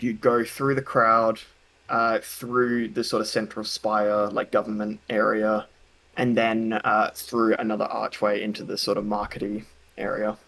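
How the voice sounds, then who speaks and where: Unhurried hesitant male game master. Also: on the low side, a bit bright, poor audio. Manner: hesitant, many ums and uhs. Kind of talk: narrating a tabletop game.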